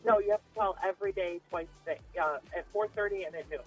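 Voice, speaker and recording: A woman's voice: medium pitch, quick pace, breathy edge, soft background music. A woman calling a radio show, explaining matter-of-factly. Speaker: caller. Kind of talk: phone-in chat.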